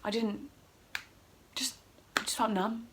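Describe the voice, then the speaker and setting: Middle-aged woman vlogger, fairly high voice, casual and emotional, retells events by acting out what was said. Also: steady tone, takes it slowly, noisy background. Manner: emotional, rambling, acts out her own quotes. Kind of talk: casual storytelling vlog.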